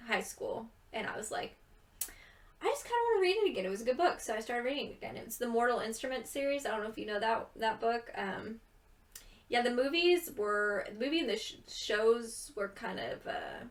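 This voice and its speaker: A woman's voice: a little high, a bit bright, distant mic. A young woman chatting casually and rambling with giggles, tired from too little sleep. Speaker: gaming video creator. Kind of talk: casual chat over gameplay.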